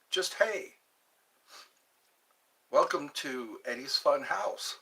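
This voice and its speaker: A man's voice: medium pitch, expressive, unhurried, pauses often, bright, forceful tone, rough recording. A man from Georgia hosting his own live stream, chatting in a rambling way, jumping between topics and trying out foreign phrases. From Georgia, USA. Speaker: livestream host.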